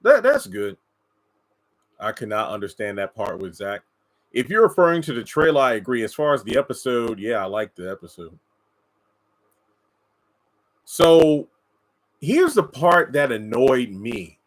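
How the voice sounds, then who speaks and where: A man giving casual commentary on a TV episode, answering chat comments and mocking characters in high put-on voices. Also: very animated, a little slow, pauses often, rough recording. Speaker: TV show reviewer.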